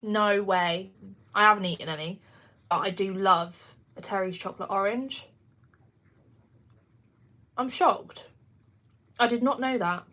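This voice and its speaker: Pitched in the middle and sharp in tone, her delivery is unhurried and full of pauses. She's an English woman in her twenties with a Kent accent, casually chatting on a livestream, replying to viewers and laughing a lot.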